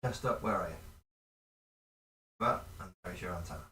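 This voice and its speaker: A man's voice: deep voice, moderate pace, sharp tone, husky. A man chatting casually while painting miniatures, muttering to himself as he works.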